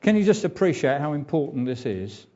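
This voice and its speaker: Male preacher, mellow mid voice, chatty sermon delivery, muffled lo-fi capture. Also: on the high side, sing-song, a little fast. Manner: conversational preaching with fillers and asides.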